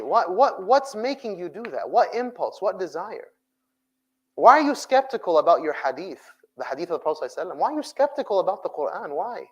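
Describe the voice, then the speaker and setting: A man preaching to young people, lively, with rhetorical questions and phrases mixed into English. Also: sits high, rough recording. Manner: animated, rhetorical questions, mixes English with Arabic. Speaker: sheikh giving a talk to young people. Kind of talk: sermon.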